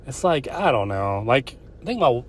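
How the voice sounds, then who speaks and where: A man's voice: mid-range voice, sing-song, normal speed, a little hiss or hum. Profane rambling man ranting on his podcast. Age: older. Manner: profane, rambling, restarts often. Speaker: podcast host. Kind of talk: casual solo podcast rant.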